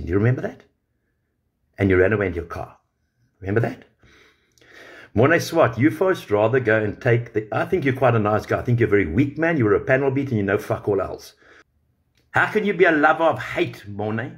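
A man's voice: medium pitch, lively intonation, moderate pace, pauses often. A man on a livestream, confronting a rival directly with an angry, profane rant.

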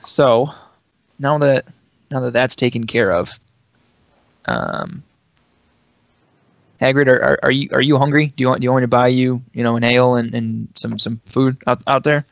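A man's voice: mid-range voice, level tone, moderate pace, vocal fry, long pauses, no room sound. A man playing a tabletop game, talking in a stammering way with repeated words. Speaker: player. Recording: dry, dull lo-fi audio.

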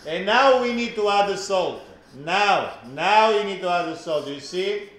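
A man's voice: high-pitched, animated, unhurried, fairly bright tone, reverberant. A man with an Italian accent hosting a live cooking class, joking and exclaiming in Italian.

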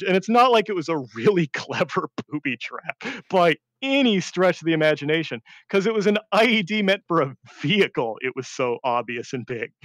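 A man, a veteran, telling war stories in a rambling casual chat, often laughing and swinging between deadpan and excited. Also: fairly high pitch, dry recording. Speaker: veteran storyteller.

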